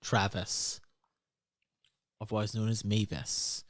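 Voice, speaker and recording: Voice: mid-range voice, flat delivery, slow, dry recording. A game master narrating a tabletop game in a chatty way with many fillers.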